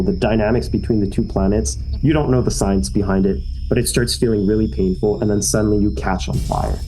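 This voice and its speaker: A man's voice: fairly low pitch, mellow, poor audio. A man narrating a tabletop game as game master, telling the story with energy and many fillers.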